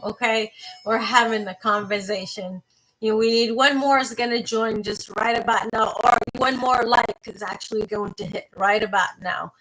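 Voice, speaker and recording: A woman's voice: fairly high pitch, steady tone, normal speed, pushed and bright, soft background music, poor audio. A woman giving a live tarot reading, talking to her viewers in a rambling, playful, casual way and swearing now and then. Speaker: tarot reader.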